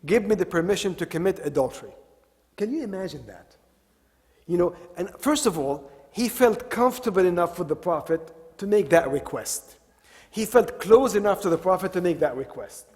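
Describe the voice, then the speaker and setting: A man's voice: high-pitched, animated, moderate pace, a little mellow. A man giving a religious talk at an Islamic center, telling stories and repeating his key phrases for emphasis. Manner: retells stories, repeats key phrases, mixes in Arabic devotional expressions. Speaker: religious lecturer. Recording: long hall reverb.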